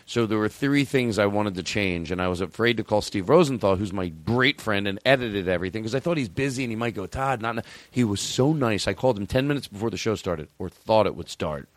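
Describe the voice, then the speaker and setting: A middle-aged man running his comedy podcast in loose, profane banter. He rambles and restarts his sentences, and his pitch jumps around a lot. The studio sound is dry and close. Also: expressive, fast talker, few pauses, dry recording. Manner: rambling, self-interrupting, jokey and profane. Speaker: podcast host. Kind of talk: casual comedic chat.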